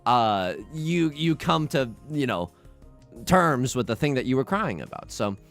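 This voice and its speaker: A man's voice: mid-range voice, very animated, measured pace, a bit bright, faint music behind. A young man streaming, chatting casually with his chat, self-mocking and stammering through restarts.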